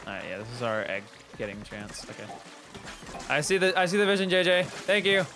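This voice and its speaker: A man's voice: a little high, big pitch swings, a little fast. Playful male streamer over game music. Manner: playful, jokey, talks to chat. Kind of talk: casual game livestream chat.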